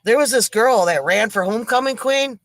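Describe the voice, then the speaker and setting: A middle-aged woman, hosting a live stream from home and telling corny jokes slowly, laughing and sighing often, a bit tipsy from drinks. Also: on the high side, dry recording. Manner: slow, corny jokes with frequent laughs and sighs. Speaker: live stream comedy host. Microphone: computer mic for a live stream.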